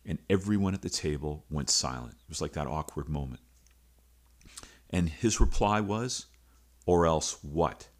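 Deep-voiced middle-aged male coach, earnest confessional storyteller, podcast host. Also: expressive, moderate pace. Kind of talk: reflective personal storytelling.

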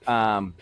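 A man's voice: lowish voice, a bit bright, clean tone. A young man co-hosting a casual podcast, loose, joking and swearing freely. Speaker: podcast co-host.

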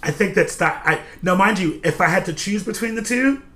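A man's voice: high voice, fairly quick, sharp tone. A man hosting a casual political chat podcast, playful and chatty, with lots of fillers. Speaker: podcast host.

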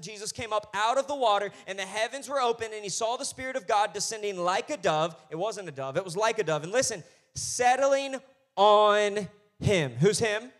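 A man preaching a sermon as pastor, swinging between quiet asides and loud, emphatic lines. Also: sits high.

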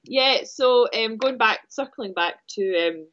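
Casting note: young woman co-host, playful teasing chat, fairly high voice, muffled lo-fi recording. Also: slow, fairly bright tone. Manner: playful, teasing, laughs often. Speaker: podcast co-host. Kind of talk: casual chat.

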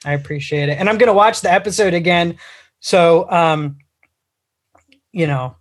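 A man's voice: on the high side, normal speed. Rambling man chatting as a podcast guest. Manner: rambling, with many fillers and restarts. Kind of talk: casual livestream chat.

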